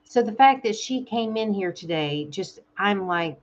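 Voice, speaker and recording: A woman with a Southern American accent chatting casually on a live stream from her home, soft-spoken and openly emotional. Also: mid-range voice, animated, measured pace, lo-fi sound. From Southern United States. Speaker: ASMR channel host. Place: home in Thailand.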